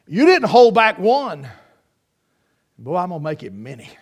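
A man preaching a sermon, fervently swinging from shouts to hushed tones and repeating phrases for emphasis. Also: high voice, sing-song, unhurried.

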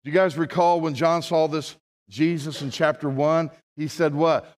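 A man preaching a sermon as a pastor, with dramatic swings from hushed, low reading to loud, raised proclamation. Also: fairly even intonation, normal speed. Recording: long hall reverb.

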